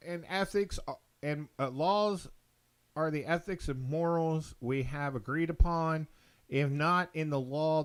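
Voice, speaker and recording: A man's voice: mid-range voice, fairly bright tone, smooth. A man hosting his own show, ranting opinions in a blunt, profane monologue, stumbling and repeating words. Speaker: show host.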